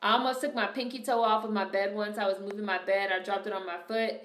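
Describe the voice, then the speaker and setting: A young woman streaming and chatting casually with her viewers, telling animated stories full of swearing. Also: mid-range voice, quick pace, slight background noise. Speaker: streamer reacting to a movie and reading chat. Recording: echoey room.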